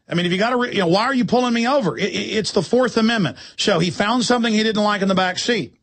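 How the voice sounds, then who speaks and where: A man hosting a radio call-in show, ranting forcefully and acting out his own exchanges with police. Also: high-pitched, racing. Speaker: radio talk show host.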